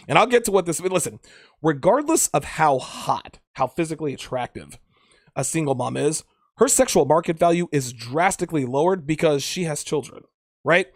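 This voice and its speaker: A man's voice: on the high side, no echo, studio quality. A man hosting a dating advice podcast, talking in a blunt, profane, emphatic way and often repeating himself. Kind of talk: crude casual monologue.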